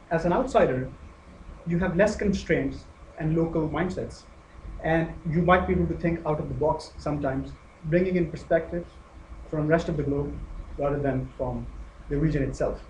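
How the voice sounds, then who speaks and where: A man from Pakistan with a Pakistani accent, giving an academic lecture in a measured way, pausing with fillers and restarts. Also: a little high, darkish tone. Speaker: guest lecturer. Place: lecture hall. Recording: echoey hall with faint noise.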